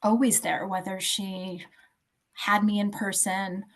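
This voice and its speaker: A woman in her fifties, a podcast guest telling a personal story in a halting, soft voice that searches for words. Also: mid-range voice, level tone. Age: 50s.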